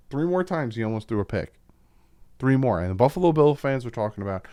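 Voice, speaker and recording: A man's voice: mid-range voice, big pitch swings, a little fast, dark tone, clean tone, no room sound, clean studio sound. A man hosting a casual football film breakdown, talking as an opinionated fan with frequent asides. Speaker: YouTube football film-study host.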